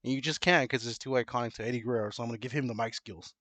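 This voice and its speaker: A man holds a stubborn, teasing line in a casual podcast debate and laughs easily. His voice sits mid-pitch, and the sound is dry, with no room around it. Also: racing, a bit bright, no room sound. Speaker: co-host debating wrestlers.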